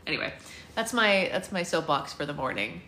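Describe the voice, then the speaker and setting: Bright-voiced chatty woman hosting a livestream. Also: sits low, animated, a little fast. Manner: chatty, rambling, talks to viewers. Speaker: book club livestream host. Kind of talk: casual livestream chat and reading aloud. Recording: roomy echo, faint noise.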